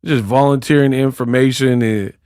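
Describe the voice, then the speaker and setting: A boxing commentator speaks mockingly in slang during casual commentary, acting out quotes as he goes. His medium-pitched voice is a little mellow with fairly even intonation and a moderate pace, recorded cleanly in a studio with no room sound.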